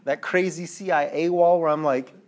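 A man preaching with lively energy, slipping into little acted voices and checking in with the room. He sinks to a low, hushed tone when the message turns heavy. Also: normal speed. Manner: animated, acts out quotes, checks in with listeners. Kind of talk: sermon.

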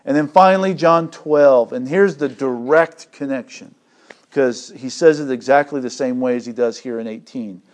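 A man preaching an expository sermon, slow and deliberate, with loud emphatic swells and casual asides. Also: mid-range voice. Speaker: pastor.

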